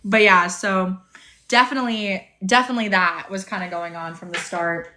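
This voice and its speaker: Bright-voiced young woman chatting on a livestream. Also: mid-range voice, steady tone, normal speed, a little hiss or hum. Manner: chatty, bubbly, reads and answers viewer comments. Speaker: livestream host. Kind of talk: casual livestream chat. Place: motel room. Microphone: phone on tripod.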